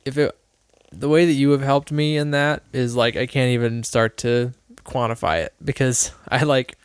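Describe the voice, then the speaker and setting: A man's voice: mid-range voice, level tone, moderate pace, smooth, no echo, studio quality. A man co-hosting a podcast, thinking aloud in a loose, rambling way with many restarts. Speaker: podcast co-host. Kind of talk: casual chat.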